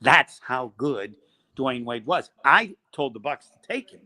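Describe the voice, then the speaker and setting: An older man, a college basketball play-by-play announcer, telling animated stories as a podcast guest. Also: mid-range voice, measured pace. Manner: animated storyteller, acts out quoted voices. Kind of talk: storytelling in a podcast interview.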